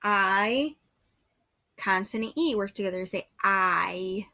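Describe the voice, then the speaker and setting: A woman teaching a first grade phonics lesson, sounding out each letter and word with patient care. Her voice is bright and clear, and she speaks very slowly, leaving long pauses between sounds. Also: mid-range voice. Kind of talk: slow phonics dictation lesson.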